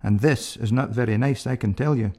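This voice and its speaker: A man's voice: mid-range voice, fairly quick, dark tone, natural voice. A man voicing a nervous, complaining paralyzed man who is being carried. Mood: grumbling. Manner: complaining, jokey.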